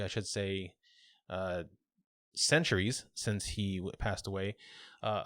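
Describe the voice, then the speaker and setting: A man co-hosting a podcast, casually telling a local legend with relaxed fillers and restarts. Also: fairly low pitch, no echo, studio quality. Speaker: podcast co-host.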